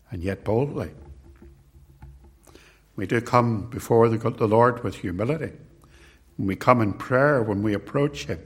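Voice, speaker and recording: An older man preaching a sermon, slow and measured, repeating key words for emphasis. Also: mid-range voice, a bit bright.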